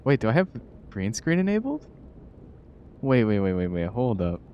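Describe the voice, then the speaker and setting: A man's voice: lowish voice, very animated, normal speed, lo-fi sound, slight background noise. A man streaming live, chatting casually and playfully with his viewers and laughing often.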